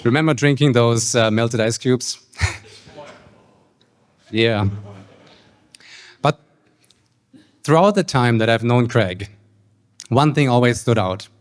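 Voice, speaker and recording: A man's voice: medium pitch, slow pace, long pauses, clear, resonant tone. A man in his thirties with a German accent, giving a best man's wedding toast with some hesitant fillers and light jokes.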